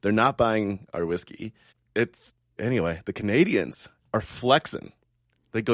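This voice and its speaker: A man co-hosting a podcast, chatting casually with quick joking asides. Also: on the low side, lively intonation, dry recording, studio quality. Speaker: podcast co-host. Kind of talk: casual investing chat.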